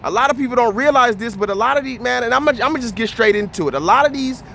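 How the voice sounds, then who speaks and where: Male vlogger with a high voice, blunt and profane, ranting with animated storytelling, light background noise. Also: fast talker, creaky. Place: Houston area.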